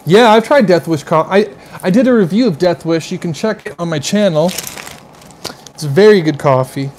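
A man's voice: high-pitched, expressive, normal speed, darkish tone, slight background noise. A man hosting a casual live stream, gushing over what he tastes and chatting loosely with viewers. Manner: effusive, exclaims over tastes and smells; rambling, chatty asides to viewers. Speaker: livestream host.

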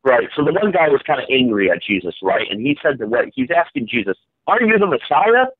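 A man's voice: medium pitch, expressive, fast, husky, no room sound. Man leading a casual Bible chat. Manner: questioning, prompts listeners for answers. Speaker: host leading a Bible study. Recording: dull, dry lo-fi sound.

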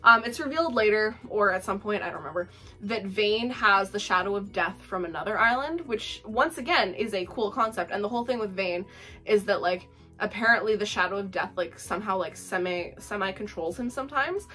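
A woman's voice: mid-range voice, animated, fairly quick, bright, forceful tone, soft background music. A young woman giving a casual, profane book review, full of fillers and laughter.

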